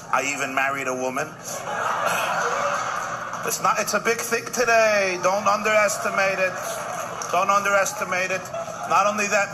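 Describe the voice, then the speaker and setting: A man, a rabbi, giving a humorous live speech with punchy jokes, quick asides and repeated punchlines. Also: sits high. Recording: noisy live event recording.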